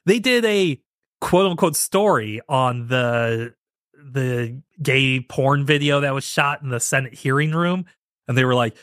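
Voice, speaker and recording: A man's voice: mid-range voice, animated, moderate pace, a bit bright, dry recording. Sarcastic man, dry close podcast mic. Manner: sarcastic, mocking impressions of others. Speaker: podcast host. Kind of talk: casual commentary.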